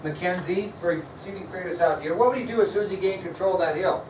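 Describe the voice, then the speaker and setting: High-voiced male teacher in an echoey classroom. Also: a little mellow, a little hiss or hum. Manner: questions students, spells words out slowly. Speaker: history teacher. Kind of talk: classroom lecture. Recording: echoey classroom, mic far off, faint ambience.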